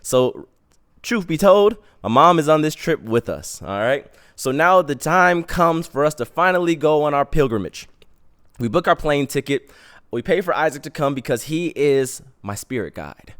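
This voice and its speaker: A young man hosting a podcast, telling a comic personal story in casual, slangy, animated talk. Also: on the high side, normal speed. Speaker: podcast host.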